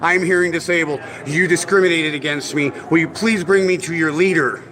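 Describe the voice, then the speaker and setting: A man's voice: fairly high pitch, fairly quick, a bit bright. A man confronting officials on camera, formally polite yet insistent and sarcastic, repeating 'sir' and 'ma'am'. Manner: sarcastic, needling. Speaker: activist filming an encounter with officials. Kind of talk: confrontational filmed exchange.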